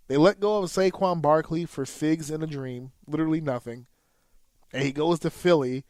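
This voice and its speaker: A man in his thirties co-hosting a casual podcast, telling a sports story in an animated, profane way and jumping up sharply in pitch when excited. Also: no room sound. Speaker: podcast co-host.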